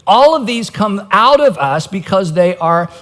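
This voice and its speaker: Lively-voiced male pastor in a big hall. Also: high voice, measured pace. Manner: conversational and self-mocking, with wry asides. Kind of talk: sermon. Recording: long hall reverb.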